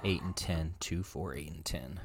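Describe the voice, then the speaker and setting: A man's voice: very deep voice, moderate pace, crowd noise. A man co-hosting a casual chat, muttering his leftover numbers aloud. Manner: lively, mutters lists aloud. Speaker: podcast co-host.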